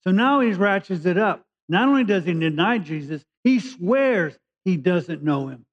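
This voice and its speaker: A man's voice: high-pitched, animated, moderate pace. Man preaching a conversational sermon, lo-fi. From California. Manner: conversational preaching, restarts, rising emphasis on key words. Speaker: pastor. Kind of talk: sermon, Bible teaching. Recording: dull lo-fi recording.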